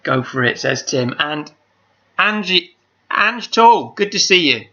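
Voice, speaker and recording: Fairly high and very animated, this quiz host takes things slowly with a bright, forceful tone. Hosting a charity quiz on a video call, he rambles chattily and reads each question twice, over dull lo-fi sound.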